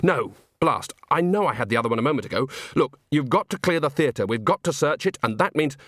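Narrator doing a young guy, urgent and rushed, pretty close to his own voice. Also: mid-range voice, lively intonation, a bit bright, dry recording. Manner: urgent, hurried. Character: urgent young man, flustered and determined.

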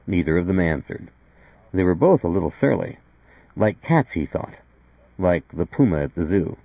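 Creaky low man reading a story. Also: very animated, no echo, phone-quality sound. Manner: measured, plain reading with voiced dialogue. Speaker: narrator. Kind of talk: audiobook reading.

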